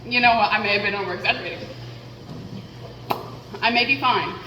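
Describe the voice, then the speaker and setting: Vlogging into a headset mic, a woman thinks aloud, rambling candidly and making fun of herself. Her mid-range voice is brisk, in a reverberant, big-room space with background noise.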